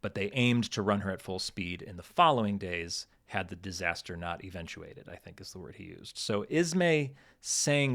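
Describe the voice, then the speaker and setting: A man's voice: sits low, lively intonation, normal speed, gravelly, few pauses, fairly bright tone. A man hosting a podcast, talking casually and thinking aloud with frequent restarts. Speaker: podcast host. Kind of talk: casual analytical podcast talk.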